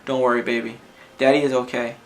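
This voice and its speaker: A man reading as a dying father, soft and reassuring. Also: mid-range voice, level tone, fast, slight background noise, lightly acted. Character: wounded young father comforting daughter.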